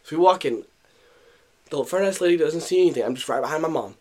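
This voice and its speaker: A man's voice: fairly high pitch, animated, fast talker, darkish tone. A young man co-hosting a podcast, telling a story in casual chat, acting out what people said, with many fillers and restarts. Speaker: podcast co-host.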